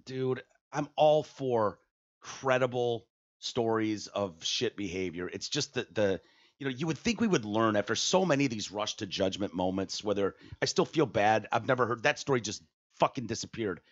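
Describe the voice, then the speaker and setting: A man's voice: on the low side, expressive, moderate pace. A man hosting a podcast in casual chat, rambling and hesitant, swearing casually. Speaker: podcast host. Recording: dull lo-fi audio.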